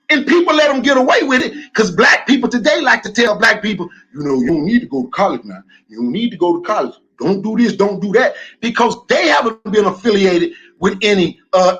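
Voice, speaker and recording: Casting: heated male debater, very high husky voice, keeps hammering questions. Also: low-quality recording. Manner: loud, combative, repeats questions. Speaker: podcast co-host.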